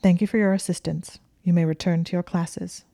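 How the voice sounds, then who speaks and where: A woman's voice: lowish voice, steady tone, a little fast, gravelly, warm tone, no echo, clean studio sound. A woman voicing a stern, formal older headmistress with clipped speech.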